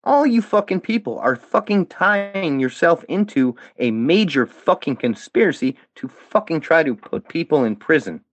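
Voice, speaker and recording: A man's voice: fairly high pitch, big pitch swings, moderate pace, few pauses, no echo. A man on a heated, profane, defiant rant as a podcast guest. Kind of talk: angry rant.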